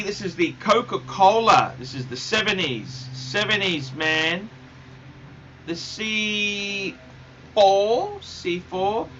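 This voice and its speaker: A man's voice: high voice, bright, forceful tone, highs cut off, slight background noise. A male livestream host chatting casually and answering viewer questions, enthusiastic and often repeating his words.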